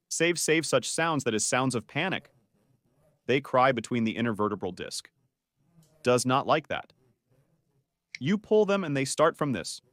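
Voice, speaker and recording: Pausing often, a doctor with a mid-range voice and moderate pace explains spine health in a playful video lesson, quizzing his audience along the way. The recording is dry.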